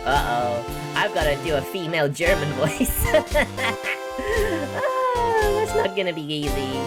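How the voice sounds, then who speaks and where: A woman's voice: sits low, huge pitch swings, unhurried, over loud music. A woman streamer chatting casually and giggling while she plays a game.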